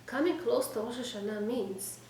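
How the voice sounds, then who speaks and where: A woman teaching a weekly class to a small group, direct and exhorting, often checking in with her listeners and trading quick replies with them. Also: a little high. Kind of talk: informal lecture to a small group. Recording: echoey room, distant mic, faint background noise.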